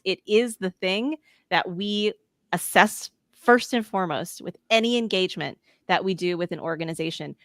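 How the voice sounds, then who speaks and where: A woman's voice: lowish voice, fairly bright tone, dry recording. Emphatic woman consultant, dry close sound. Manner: articulate, emphatic, laughs readily. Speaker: guest, change management consultant. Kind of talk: interview answers.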